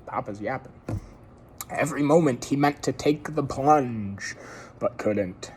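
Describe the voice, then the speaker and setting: A man's voice: medium pitch, slow, a little hiss or hum. A man casually reading a story aloud, breaking off for chatty asides to his listeners. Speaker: story reader.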